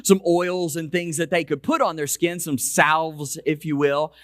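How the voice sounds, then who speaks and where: A man with a high voice preaches a conversational sermon in a church. He stretches out and lowers key phrases for weight. The sound is dry and close, with little room echo. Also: fairly bright tone. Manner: slows and lowers voice for emphasis; conversational preaching with repeated restarts. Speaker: pastor. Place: church sanctuary.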